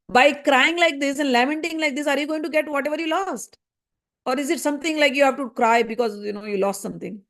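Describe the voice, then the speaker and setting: A woman's voice: on the high side, gravelly. A woman voicing a young sage's son who patiently explains and probes with rhetorical questions. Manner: probing rhetorical questions, steady.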